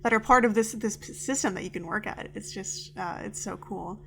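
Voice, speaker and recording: A woman's voice: mid-range voice, brisk, creaky, pushed and bright. A woman interviewer agreeing and adding her thoughts in a casual, hesitant way, with many fillers.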